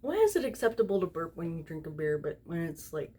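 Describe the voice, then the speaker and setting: Her voice is fairly low, mellow and husky, with big pitch swings and a quick pace. A young woman a bit tipsy on wine, she reads fanfiction aloud at home in casual storytime fashion, giggling and rambling between the lines.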